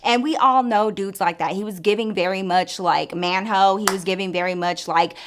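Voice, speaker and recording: Animated woman telling a storytime. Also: mid-range voice, moderate pace, noisy background. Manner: animated, swearing, acts out voices in quotes. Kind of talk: casual storytime vlog.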